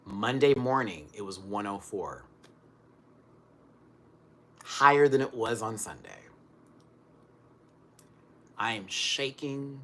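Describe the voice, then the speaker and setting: Animated, swearing man ranting on camera. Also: fairly low pitch, slow, long pauses. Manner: animated, profane storytelling with big swings between loud outbursts and hushed mutters. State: recovering from illness. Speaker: vlogger. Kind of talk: casual ranting vlog.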